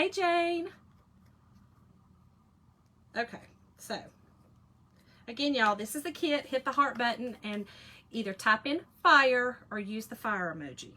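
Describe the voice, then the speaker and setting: A woman's voice: on the high side, normal speed, long pauses, pushed and bright. A woman, hosting a casual craft live stream, chatty and folksy, teasing her viewers. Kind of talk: casual crafting demo chat.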